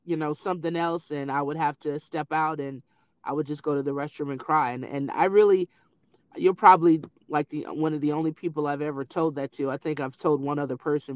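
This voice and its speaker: A middle-aged woman in casual conversation, telling family stories in an animated way. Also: low voice, a little fast, no echo. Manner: animated storyteller who acts out quoted voices. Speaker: grieving mother sharing memories.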